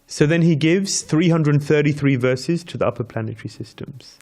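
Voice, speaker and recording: A man's voice: mid-range voice, moderate pace, a little mellow. A man giving a devotional scripture class, telling a story with repeated counting and chanting Sanskrit verses, laughing lightly with his listeners. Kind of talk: devotional lecture.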